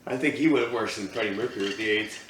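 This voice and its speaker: A man co-hosting a podcast, telling crude stories in animated casual banter. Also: lowish voice, fast, echoey room, distant mic, a little hiss or hum, rough recording. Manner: crude, animated storytelling, swears a lot. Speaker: podcast co-host.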